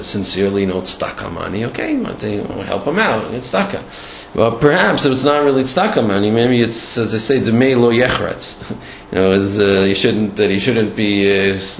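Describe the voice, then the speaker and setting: A man giving a storytelling Torah lecture in a halting way, with many restarts and Hebrew and Yiddish terms. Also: fairly low pitch. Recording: echoey room, faint background noise.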